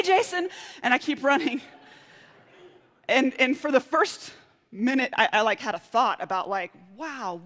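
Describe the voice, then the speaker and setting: Woman, sermon, lively storyteller, slightly high voice, long hall reverb. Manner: lively storyteller, animated quoted outbursts. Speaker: preacher.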